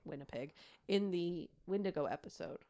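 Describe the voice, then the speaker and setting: A woman's voice: on the low side, lively intonation, moderate pace, mellow. A woman in her thirties co-hosting a podcast, telling a true crime case in a chatty way with lots of fillers and laughing asides. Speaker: podcast co-host. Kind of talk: casual chat and true crime storytelling.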